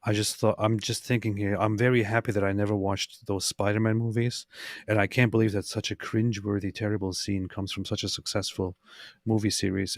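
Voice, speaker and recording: A man on a livestream talking in a deadpan, mock-earnest, sarcastic way. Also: lowish voice, fairly quick, vocal fry, no room sound, clean studio sound. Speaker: regular guest. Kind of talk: casual livestream chat.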